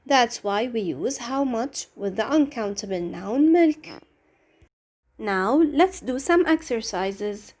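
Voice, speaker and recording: Woman, English teacher, grammar lesson, slow careful pace, asks and answers her own questions. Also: fairly high pitch, animated, darkish tone. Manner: slow, patient, explains step by step with questions.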